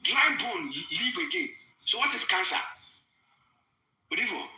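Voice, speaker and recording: A man's voice: high voice, very animated, normal speed, sharp tone, reverberant, slight background noise, poor audio. A man preaching fervently on a podcast, repeating his phrases and switching into Twi. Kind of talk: preaching in talk.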